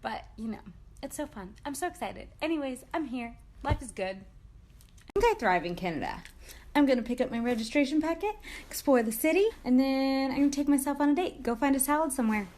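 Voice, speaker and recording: A young adult woman recording a selfie vlog on her phone, gushing and excited as she talks to the camera. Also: sits high, a little fast. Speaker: vlogger.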